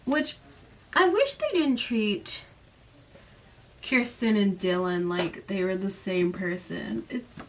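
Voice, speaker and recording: A woman's voice: lively intonation, takes it slowly, distant mic. Woman vlogger, sarcastic book recap, a little off-mic with faint hiss. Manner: chatty, sarcastic, acts out characters' lines with pitch jumps.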